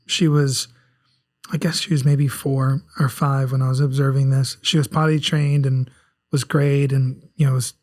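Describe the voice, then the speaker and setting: Speaking as a guest author, a fortysomething man from South Carolina talks candidly on a relaxed podcast marked by many restarts. His mid-range voice is a little mellow, carrying a faint Southern accent. He rambles, keeps starting over, and turns openly self-reflective.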